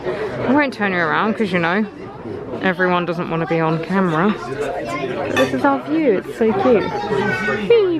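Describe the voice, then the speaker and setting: A woman's voice: mid-range voice, low-quality recording. Young woman, lifestyle vlogger, rambling upbeat chat to a handheld camera, mid-range voice. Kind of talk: casual vlog chat to camera.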